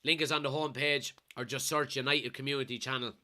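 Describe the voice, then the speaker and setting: An Irish man from Kilkenny with a blocked nose from a cold, excitedly commenting live on a football match and reading out chat messages as a watchalong streamer. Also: medium pitch, fast. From Kilkenny, Ireland. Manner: excitable, shouts at players and referee.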